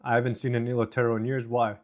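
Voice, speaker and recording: A man with a medium-pitched, level voice talks fast as he live-streams from home, chatting casually and reading chat aloud between bites. He's indoors at home, speaking into a desk mic with noise cancellation.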